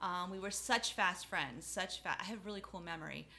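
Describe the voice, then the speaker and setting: A woman's voice: fairly low pitch, fairly quick, gravelly, crowd noise. A woman from South Florida co-hosting a podcast in casual chat, playful and self-mocking, laughing often. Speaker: podcast co-host.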